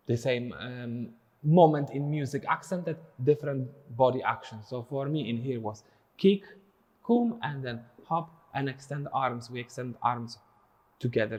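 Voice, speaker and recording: A man's voice: medium pitch, darkish tone. A man teaching a follow-along dance lesson, explaining rhythm and counting the beat aloud.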